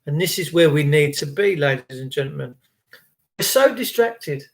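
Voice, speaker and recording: A man's voice: on the high side, expressive, moderate pace. Impassioned man vlogging. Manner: impassioned, rambling, repetitive. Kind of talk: motivational monologue.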